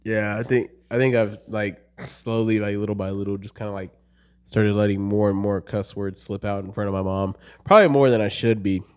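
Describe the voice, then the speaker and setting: A man's voice: fairly low pitch, fairly even intonation, fairly quick, clean tone. A young man co-hosting a podcast who jokes and teases his co-host. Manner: joking, playful teasing. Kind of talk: casual chat.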